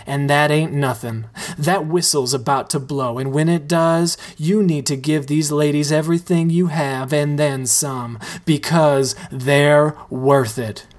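A woman's voice: sits low, steady tone, a little slow, hardly any pauses, a little mellow. A man voicing an upbeat, encouraging woman who gives pep talks to a group of male dancers, read in a comedic story reading. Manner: pep-talking, earnest.

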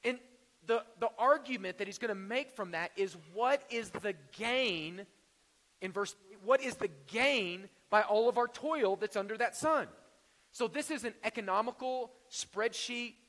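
Man, pastor, sermon, high voice, conversational and jokey, long hall reverb. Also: measured pace, a bit bright. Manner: conversational preaching with jokes and rhetorical questions.

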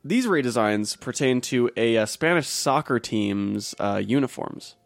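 A man's voice: medium pitch, animated, unhurried, gravelly, dry recording, soft background music. A young man co-hosting a podcast in casual chat, joking loosely and laughing often. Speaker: podcast co-host.

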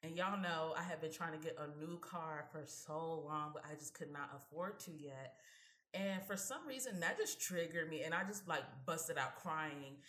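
A young woman co-hosting a casual panel talk, telling a personal story in an animated way. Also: low voice, moderate pace, roomy sound. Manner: animated storyteller who acts out both sides of a conversation. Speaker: podcast co-host.

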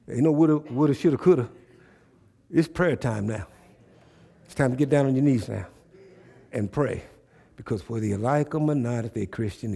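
A man preaching a sermon, calling out to the congregation and swinging between hushed asides and loud bursts. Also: mid-range voice, gravelly, breathy edge.

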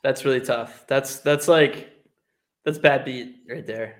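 A man's voice: mid-range voice, steady tone, slow pace. A young man co-hosting a casual sports podcast, laid-back and agreeable, joking along.

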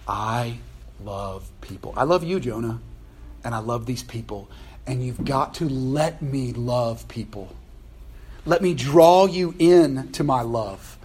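A preacher voicing God as a loving, patient father pleading gently with a prophet. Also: on the high side, slow pace, few pauses, slight background noise. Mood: gentle.

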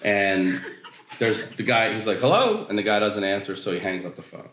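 A man from Maryland telling a profane, animated comic story as a guest storyteller, laughing through his punchlines. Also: on the low side, normal speed, echoey room, a little hiss or hum. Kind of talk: comedic storytelling.

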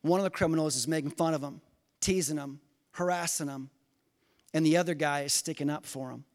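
A man with a high voice delivers a sermon, rising to loud emphasis and dropping to slow, quiet reading. His words ring with the long reverb of a church sanctuary. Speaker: pastor.

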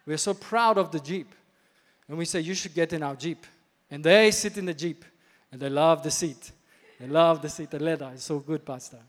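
A preacher putting on a proud old village chief. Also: male voice, a little high, natural voice. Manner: slow, put-on foreign accent, earnest. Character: proud older male village chief, doting on his prized jeep. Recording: reverberant church hall.

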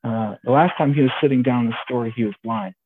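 A male pastor retelling a story from the pulpit, conversational and wry. His pitch sits in the middle range. The sound is thin and phone-like, with a faint hiss. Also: quick pace. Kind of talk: sermon storytelling.

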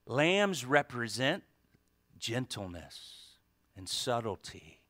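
A male pastor preaching a sermon with emphatic delivery, swinging from hushed asides to loud, fervent climaxes. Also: mid-range voice, big pitch swings, slow, no room sound.

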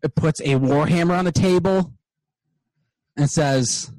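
A man narrating as game master of a tabletop game, halting and slow between restarts. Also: a little high, darkish tone, dry recording, rough recording. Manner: halting, with many fillers and restarts.

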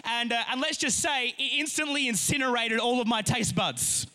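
A young man preaching a sermon, telling a funny personal story with lively energy and sometimes rising to a shout. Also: very high voice, moderate pace.

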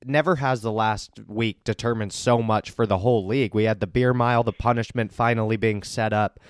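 A man's voice: lowish voice, steady tone, a little fast, smooth, no room sound, clean studio sound. A man hosting a casual podcast, joking and teasing his guests and laughing often. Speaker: podcast host and league commissioner.

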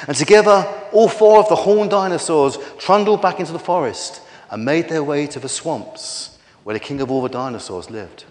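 Expressive man reading a children's story. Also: a little high. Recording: echoey hall.

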